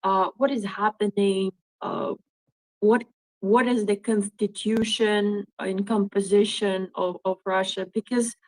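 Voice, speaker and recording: A woman from Ukraine speaks in an online audio discussion. She is thoughtful and measured, and often pauses to search for the right words. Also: mid-range voice, steady tone, darkish tone, low-quality recording. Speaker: Twitter Space speaker. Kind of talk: spontaneous discussion. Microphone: online audio room.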